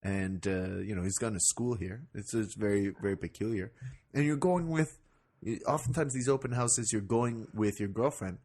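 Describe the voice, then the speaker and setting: A man's voice: lowish voice, normal speed, darkish tone. A young man co-hosting a casual comedy podcast, dry and teasing, playing the straight man. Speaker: podcast co-host.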